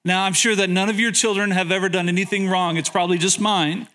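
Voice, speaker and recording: A man's voice: sits high, steady tone, quick pace, bright, forceful tone. A man pastor preaching a sermon, telling humorous stories, questioning the audience, and often repeating words as he goes. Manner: frequent word repetitions.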